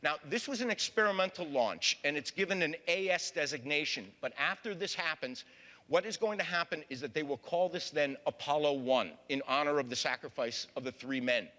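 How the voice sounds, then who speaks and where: A man's voice: a little high, pushed and bright. A man giving a public history talk as a lecturer, folksy, often addressing the audience as folks. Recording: long hall reverb.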